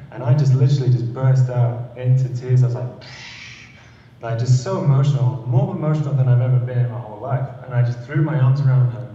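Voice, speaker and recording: Dark-voiced man, very echoey. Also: mid-range voice, quick pace, far from the mic, lo-fi sound, slight background noise. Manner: earnest, repeats words while telling a story. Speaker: panel guest. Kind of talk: personal storytelling.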